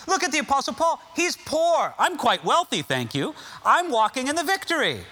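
A man's voice: very high voice, wildly swooping pitch, normal speed, sharp tone, big-room sound, voice pushed up, heavily acted. A man voicing a boastful early church member who brags about his wealth and health. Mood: smug. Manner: self-satisfied bragging.

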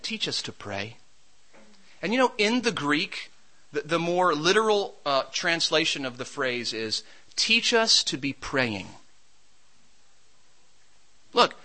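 A man preaching a sermon, mixing Scripture with a lively personal story. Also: a little high, low-quality recording. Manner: storytelling, shouts during a comic anecdote.

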